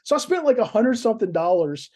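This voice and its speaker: A man talks through a story on a podcast, circling back and repeating words as he goes. His voice sits a little high, but its tone is dark and mellow. He sounds like an excited guest recounting a film shoot. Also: quick pace. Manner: rambling, repeats words when nervous.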